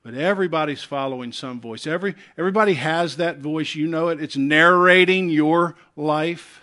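A man with a Southern US accent preaching a sermon as pastor, swinging between loud urgent calls and soft hushed appeals. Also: fairly high pitch, moderate pace.

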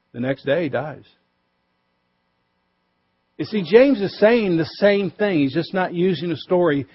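A male pastor preaching a sermon, emphatic, pushing his voice up for stress and dropping low and quiet to drive points home. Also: breathy edge, dull audio. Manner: emphatic, rises and drops for stress.

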